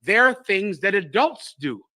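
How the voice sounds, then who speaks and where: Male teacher, sermon-style delivery, blunt and emphatic; high pitch, dry close sound. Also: sing-song, slow pace, bright, forceful tone, dry recording. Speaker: teacher leading a congregation class.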